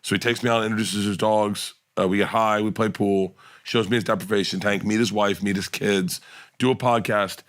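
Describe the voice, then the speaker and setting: A man's voice: fairly low pitch, moderate pace. A middle-aged man, a comedian guest, telling casual podcast stories and acting out the people in them. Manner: animated storyteller acting out quotes.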